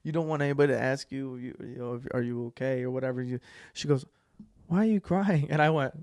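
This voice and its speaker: A young man co-hosting a podcast, telling a story in a casual, profane way, dropping to a hush and then bursting out loud. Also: medium pitch, quick pace, dry recording. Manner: animated storytelling, profane, swings from hushed to loud. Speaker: podcast co-host. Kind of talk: casual chat.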